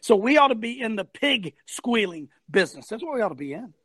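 Guy hosting a talk show, high voice, preachy rant, dry close sound. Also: big pitch swings, fairly quick, dry recording. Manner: loud, ranting, shouts and laughs. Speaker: host.

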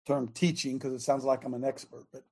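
A man's voice: mid-range voice, level tone, brisk, gravelly. A middle-aged man hosting a radio show, teaching from the Bible in a chatty, emphatic sermon style, talking straight to his listeners and producer. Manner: emphatic, rising to near shouts when quoting scripture. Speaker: radio show host and preacher.

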